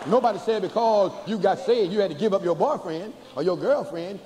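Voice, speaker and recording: An older man, a bishop preaching a sermon to a church congregation, folksy and humorous, slowing to chanted emphasis. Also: sits high, expressive, dark tone, a faint crowd, slight background noise. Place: large church before a congregation. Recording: hall reverb with faint ambience, cassette.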